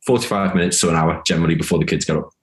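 A man's voice: deep voice, fairly even intonation, racing. A man, a guest on a casual podcast, blunt and emphatic, swearing and voicing what others think.

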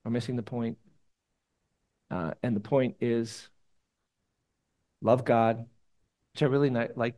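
A man preaches to his church in a relaxed, conversational way, with a mid-range voice. He rambles a bit, then rises suddenly and emphatically when he wants a point to land. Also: mid-range voice, slow pace, long pauses. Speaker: pastor. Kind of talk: conversational sermon. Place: church meeting room.

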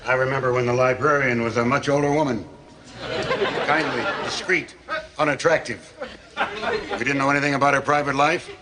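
Man acting stern pompous old librarian, slow grave menace, sitcom clip, loud audience, heavy noise. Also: medium pitch, fairly even intonation, over a noisy crowd, close to an everyday voice. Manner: slow, solemn, menacing delivery. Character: stern, pompous older male librarian enforcing rules.

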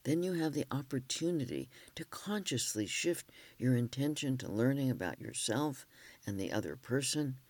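Gentle man reading self-help narration. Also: medium pitch, no echo. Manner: gentle, measured storytelling. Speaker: relationship counselor and author.

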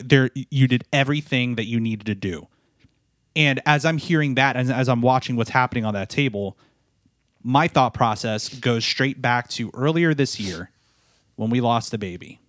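A man of middling pitch tells a personal story, sounding tired. He halts, repeats himself and restarts his sentences. The sound is dry and close. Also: dry recording. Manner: halting, repeats words and restarts often. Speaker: podcast co-host, new father.

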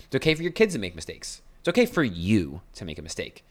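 A man's voice: lowish voice, wildly swooping pitch, fast talker. A young man hosting a podcast, talking blunt and earnest in a casual motivational monologue. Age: young adult. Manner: blunt and earnest, self-described aggressive tone. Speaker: podcast host.

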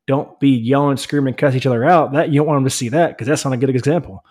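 A man's voice: mid-range voice, fairly even intonation, quick pace, darkish tone. A man co-hosting a faith-based podcast, plain-spoken and encouraging, repeating points for emphasis. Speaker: podcast co-host.

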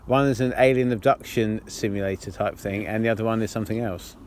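A man's voice: fairly low pitch, steady tone, fast talker, slight background noise. A man co-hosting a podcast in casual banter, rambling and repeating himself, often laughing. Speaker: podcast co-host.

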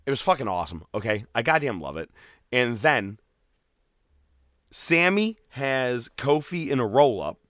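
Bright and forward in tone, with a medium pitch and measured pace, a podcast co-host chats casually through a wrestling recap. He tells stories with animated energy, slips into quoted voices, and swears freely. The recording is dry and close, with no room sound.

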